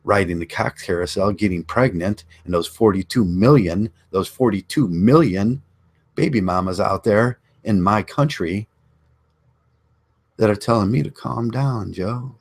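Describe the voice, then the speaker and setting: Low husky-voiced man ranting bluntly. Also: a little slow, darkish tone. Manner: blunt, combative, repeats lines for emphasis. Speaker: online channel host. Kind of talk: ranting monologue.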